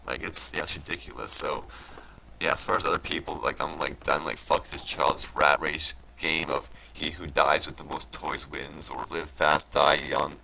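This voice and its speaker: A man with an extremely deep, heavily gravelly voice rants loosely and profanely, his tone bright and forceful. He swears constantly and slides into mocking indignation, with a faint hiss of noise behind him. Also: steady tone, moderate pace, low-quality recording. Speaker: vlogger. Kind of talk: profane rambling rant.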